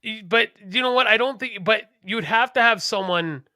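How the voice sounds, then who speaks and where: A man co-hosting a podcast in casual chat, rambling, animated and profane. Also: sits high, moderate pace, no echo, clean studio sound. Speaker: podcast co-host.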